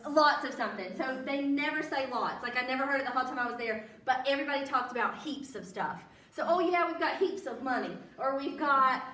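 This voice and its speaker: A woman's voice: sits high, pushed and bright. A woman with a Southern American accent telling stories to a library audience in a chatty way, laughing often and quizzing her listeners. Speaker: library guest speaker. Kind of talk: casual storytelling talk to an audience. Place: public library meeting room. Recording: roomy, from a distant mic.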